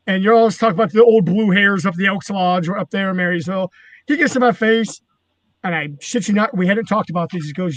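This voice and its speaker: A man's voice: high-pitched, a little fast, fairly bright tone, no echo. A man, a former wrestling manager, telling rambling, profane stories in casual chat. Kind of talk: casual storytelling.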